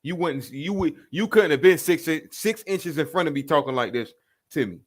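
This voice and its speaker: A man's voice: on the high side, animated, moderate pace. A man hosting a reaction video, confrontational and profane, calling people out in a heated rant.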